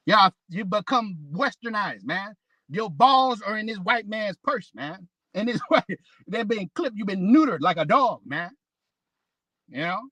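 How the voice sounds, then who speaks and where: High-voiced fiery street preacher, a man. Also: bright, forceful tone, no echo, rough recording. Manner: rough slangy preaching, reads scripture aloud, swears often; repeats "man" and "you know". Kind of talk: fiery profane sermon.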